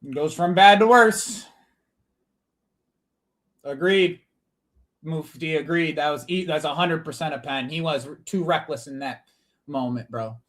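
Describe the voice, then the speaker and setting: Speaking into a desk mic at home, a man with a high voice runs a live football watch-along at a measured pace with frequent pauses. Every play gets a loud reaction, the referee gets shouted at, the swearing flows freely, and viewers are addressed as boys and bro.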